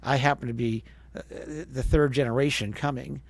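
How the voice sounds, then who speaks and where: A man's voice: mid-range voice, steady tone, moderate pace, gravelly, no room sound. Chatty man telling radio stories. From Wisconsin, USA. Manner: chatty storyteller who acts out quoted voices. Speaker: podcast guest, former radio DJ. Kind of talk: storytelling interview.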